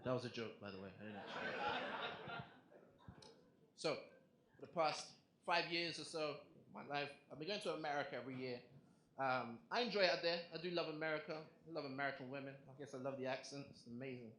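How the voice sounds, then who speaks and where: A man's voice: medium pitch, fast talker, bright, forceful tone, a little hiss or hum. A young man with an English accent performing a stand-up comedy set in a club, talking to the crowd in a punchy, conversational way. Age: young adult. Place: comedy club in front of a live audience. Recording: echoey club room with audience laughter.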